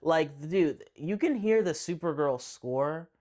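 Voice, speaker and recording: A man giving a casual spoken movie review, excitable and rambling, with frequent restarts and slangy asides. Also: on the high side, takes it slowly.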